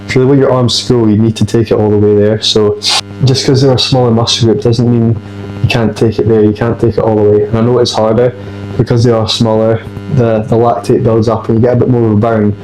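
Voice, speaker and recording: A man's voice: mid-range voice, little pitch movement, quick pace, darkish tone, soft background music, low-quality recording. A man giving casual gym training tips between sets, a little out of breath. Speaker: fitness vlogger. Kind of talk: casual gym vlog talk. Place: gym, indoors.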